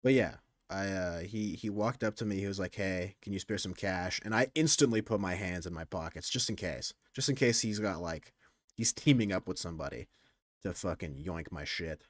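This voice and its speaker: Young male streamer, casual and crude, talks in loose run-on stories, slightly low voice. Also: normal speed, dry recording, studio quality. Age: young adult. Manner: rambling, self-interrupting, crude.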